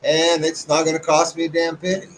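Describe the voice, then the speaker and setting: A man's voice: a little high, completely flat delivery, a little fast, low-quality recording. A man talking casually to his viewers, rambling through a profane, loose rant and restarting his sentences often. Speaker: YouTuber.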